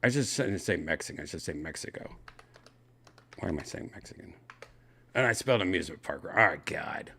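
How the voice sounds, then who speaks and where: A man with a low voice that swings widely up and down, hosting a podcast and reading news aloud. He reacts loudly, exclaims and swears freely. The sound is dry and close, with no room around it. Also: no room sound. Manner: animated, exclaiming, swearing often. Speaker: podcast host.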